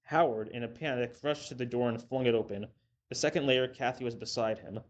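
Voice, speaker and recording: In a dull lo-fi recording with faint hiss, a mid-range male voice narrates a story. His reading is steady and measured.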